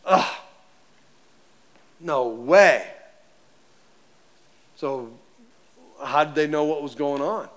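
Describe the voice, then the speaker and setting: A man preaching a sermon as pastor, animated and conversational, acting out voices as he tells the story. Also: fairly high pitch, very slow, pauses often.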